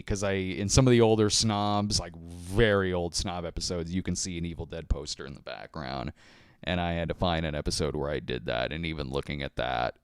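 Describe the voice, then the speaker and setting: A man's voice: on the low side, clean tone, dry recording, clean studio sound. A man hosting a casual livestream chat, rambling and self-deprecating, full of fillers and restarts, talking into a handheld microphone. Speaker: host.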